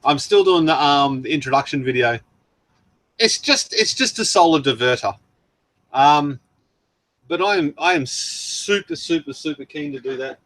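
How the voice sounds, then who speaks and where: A man's voice: a little high, expressive, normal speed, fairly bright tone, no room sound. An Australian man hosting a casual live stream, reading out viewer messages in a chatty way with frequent laughs and ums, his throat worn from long talking. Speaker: livestream host.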